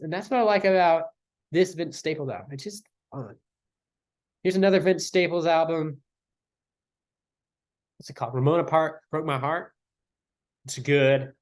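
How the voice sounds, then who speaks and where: A young man ranking his favorite albums in casual chat, enthusiastic and rambling, slangy and full of fillers. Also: a little high.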